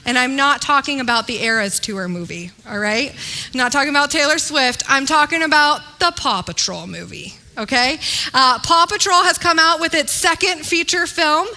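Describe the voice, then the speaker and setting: Lively, bright-voiced woman preacher. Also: high-pitched. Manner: animated, chatty storytelling with many fillers. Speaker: pastor. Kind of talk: sermon with personal story. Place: church.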